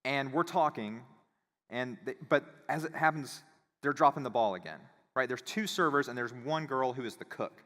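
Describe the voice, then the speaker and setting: Speaking in a conference hall, a man with a mid-range voice delivers his talk at normal speed as a lively, casual story. He performs the voices of the characters he quotes, and the hall adds noticeable reverberation.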